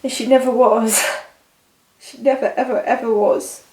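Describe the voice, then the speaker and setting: A young woman giving a psychic tarot reading, emotional and halting, often trailing off and restarting. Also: on the high side, fairly even intonation, darkish tone. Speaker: tarot reader. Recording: roomy echo.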